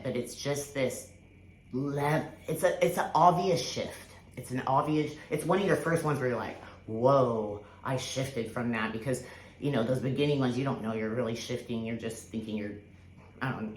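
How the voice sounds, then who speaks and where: A woman telling a personal spiritual story in casual, rambling talk, full of fillers and restarts, with the odd swear word. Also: rumbling low. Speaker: spiritual vlogger. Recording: echoey room with faint background hiss.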